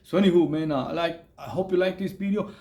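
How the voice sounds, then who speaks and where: A man's voice: on the high side, fast talker, warm tone. A man telling a long story in a casual, rambling way, full of slang and fillers. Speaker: vlogger telling prison stories.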